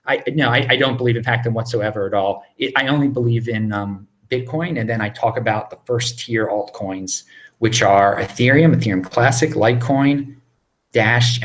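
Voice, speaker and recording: A man in his thirties from Baltimore, hosting a casual live Q&A at home, rambling and excitable with many restarts. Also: medium pitch. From Baltimore, USA. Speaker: livestream host answering viewer questions. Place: home, indoors.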